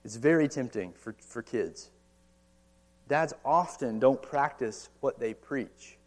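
This American-accented pastor, a man in his thirties, takes his sermon slowly and animatedly in a mid-range voice. Preaching in a church or meeting hall, he talks conversationally, often posing rhetorical questions and adding casual asides.

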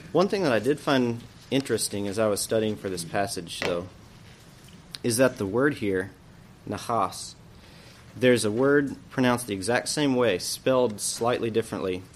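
A man's voice: fairly low pitch, unhurried, a little hiss or hum. Man teaching a church Bible lesson. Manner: explanatory, thinking aloud with questions. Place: church classroom.

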